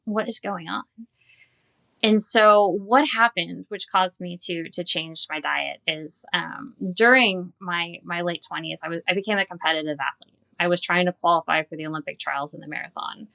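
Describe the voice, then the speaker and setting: Recounting her personal story in an interview, a dietitian in her forties is earnest and candid, quoting dialogue along the way. Her fairly low voice moves at a moderate pace and sounds creaky, pushed, and bright.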